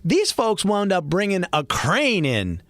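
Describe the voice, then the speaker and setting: A man's voice: high voice, wildly swooping pitch, unhurried, fairly bright tone, no echo, clean studio sound. A middle-aged man with a Boston accent, hosting a podcast and telling a personal story in a chatty, laughing way. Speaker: podcast host. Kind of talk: casual podcast monologue.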